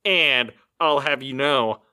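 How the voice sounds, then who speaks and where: A man's voice: medium pitch, slow pace, sharp tone, clear, resonant tone. A man co-hosting a casual comedy podcast, rambling with many fillers and arguing back defensively. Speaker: podcast co-host.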